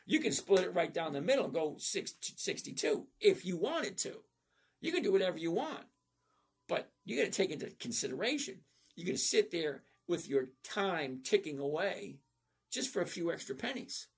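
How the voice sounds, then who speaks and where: A middle-aged man runs a live stream, fielding viewer chat about trading in a blunt, folksy, casual way and often tossing in "okay?" His voice is high-pitched with big swings in pitch, a creaky quality and a breathy edge, delivered at normal speed.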